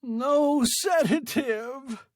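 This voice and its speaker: A man's voice: very high-pitched, lively intonation, very slow, no room sound, studio quality, voice pushed up, full character voice. A man voicing a desperate, half-mad stranded old man who screams and pleads. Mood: pleading.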